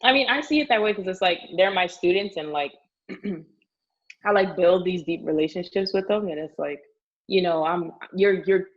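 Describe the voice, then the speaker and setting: A woman teacher talking casually on a podcast, telling animated stories full of "like" and laughter. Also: on the low side, moderate pace, highs cut off. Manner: animated storytelling, frequent "like", laughs often. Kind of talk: casual conversation.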